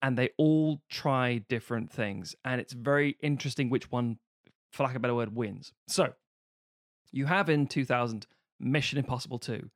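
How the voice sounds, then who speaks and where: A man from the UK co-hosting a casual film podcast, animated and swearing as he acts out comic bits. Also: medium pitch, normal speed, no echo, clean studio sound. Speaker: podcast co-host.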